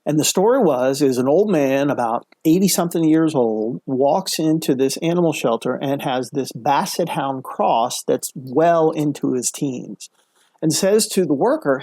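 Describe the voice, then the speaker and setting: Earnest man with a dark husky voice. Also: a little high, normal speed, no echo. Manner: emphatic, earnest storyteller. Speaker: guest, mental health speaker. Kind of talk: podcast interview storytelling.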